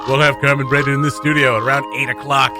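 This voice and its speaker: A man's voice: medium pitch, flat delivery, over music. A man hosting a morning radio show, chatting casually and poking fun at himself, with frequent laughs and loose asides. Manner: chatty, self-mocking, quick to laugh. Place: radio studio.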